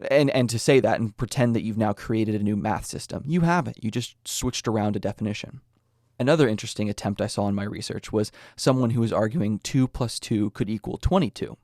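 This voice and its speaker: A young man from the United States talks through an argument in a steady, earnest way, dropping in casual asides. His voice sits low. The recording is dry and close, with no room sound. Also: a little fast, no echo. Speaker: podcast host. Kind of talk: scripted explanatory talk.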